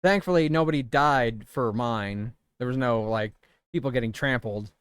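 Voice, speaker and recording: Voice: mid-range voice, moderate pace, clean tone, dry recording, clean studio sound. A streamer in their thirties chatting casually and rambling while playing a video game. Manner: chatty, self-amused, rambling.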